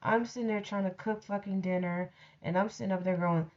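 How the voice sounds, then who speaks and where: A woman's voice: mid-range voice, brisk, lo-fi sound. A woman telling a personal story in a blunt, profane, ranting way, casually addressing her audience. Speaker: storyteller host.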